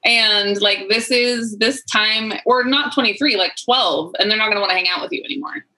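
Woman, bright tone, reflective chat, thoughtful, lots of "like"s and restarts. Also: medium pitch, normal speed, rough recording. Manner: thoughtful, heavy use of "like", trailing restarts.

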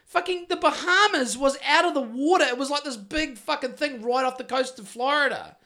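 Sweary ranting New Zealand man, high voice. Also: a little fast, bright, forceful tone. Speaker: podcast host. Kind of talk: casual chat.

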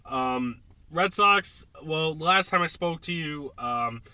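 A tipsy man hosting a casual sports podcast, ranting and swearing in exasperation, with sudden loud outbursts between beers. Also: on the high side, lively intonation, slow pace, clear, resonant tone, no echo. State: drinking beer, tipsy. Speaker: podcast host.

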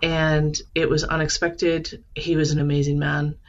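A woman's voice: low-pitched, flat delivery, measured pace, highs cut off, slight background noise. A woman in her forties, a guest in a casual interview, telling candid stories with laughs and acting out the people in them. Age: 40s. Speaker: podcast guest, event manager and grief educator.

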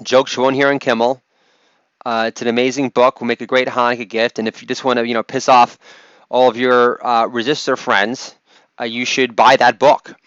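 A man's voice: medium pitch, little pitch movement, normal speed, fairly bright tone, clean tone, no echo, highs cut off. A man hosting a comedy podcast, delivering mocking, sarcastic jokes and laughing at his own lines. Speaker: podcast host.

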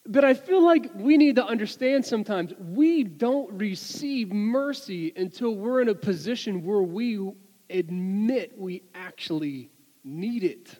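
High-voiced man preaching in a reverberant hall. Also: a little slow. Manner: animated, retells a story with many restarts and repeated words. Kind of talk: sermon with storytelling.

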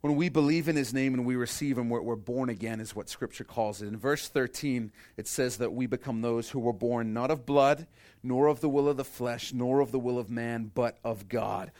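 A man's voice: medium pitch, normal speed. Impassioned male pastor preaching. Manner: impassioned, swings from hushed to emphatic; rhetorical questions and repetition. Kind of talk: sermon.

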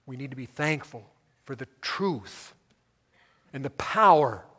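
A man preaching a sermon as pastor, emphatic, building his repeated lists up to loud peaks. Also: mid-range voice, expressive, unhurried, slightly rough, long reverb tail.

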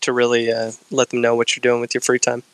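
A man's voice: medium pitch, monotone, fast, dry recording. A man co-hosting a podcast, reading through an actor's career in an upbeat, joking way. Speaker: podcast co-host. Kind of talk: casual chat.

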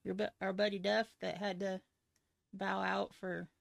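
A woman's voice: mid-range voice, little pitch movement, a little slow, vocal fry, dry recording, studio quality. A woman co-hosting a casual livestream chat, playful and laughing often. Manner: giggly and playful. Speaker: co-host.

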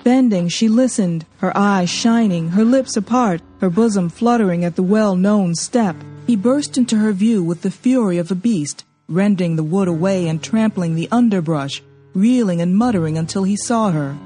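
A woman narrates a novel for an audiobook in a measured, expressive way. Her voice is dark and mellow, at a middle pitch. Faint music runs under the reading. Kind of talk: storybook reading.

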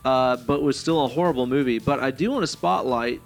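A man's voice: mid-range voice, brisk, soft background music. A man in his thirties hosting a casual movie podcast, laughing a lot, swearing and rambling. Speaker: podcast host.

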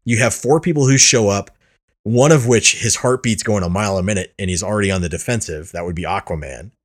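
A man's voice: lowish voice, a little fast. A man hosting a casual podcast chat, rambling and restarting his sentences, swearing freely. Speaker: podcast host.

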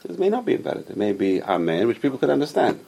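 A man's voice: medium pitch, sing-song, rapid-fire, gravelly, mellow, husky. A man teaching a casual religious class who repeats his points and drills pronunciation with the students.

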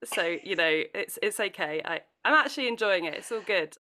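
A woman's voice: mid-range voice, animated, brisk, sharp tone, soft background music. A woman with a British accent hosting a podcast, speaking in a thoughtful, reflective way. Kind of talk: casual podcast conversation.

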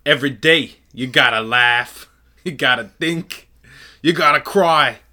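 A brash Boston man , as a podcast host puts him on, barking out punchy, boisterous lines in a thick Boston accent. The voice is mid-pitched and bright, with a forceful edge. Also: measured pace.

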